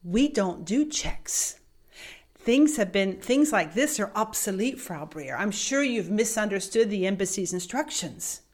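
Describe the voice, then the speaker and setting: A woman voicing a curt, rule-bound female bank clerk who gives flat, clipped refusals. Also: mid-range voice, unhurried. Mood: curt, dismissive.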